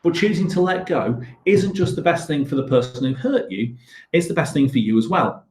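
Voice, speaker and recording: Animated man leading a school assembly. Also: on the high side, fairly quick, reverberant. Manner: expressive storytelling, acting out his own crossness. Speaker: headteacher. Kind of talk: school assembly talk to children. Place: indoors, recorded at a computer. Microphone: computer webcam.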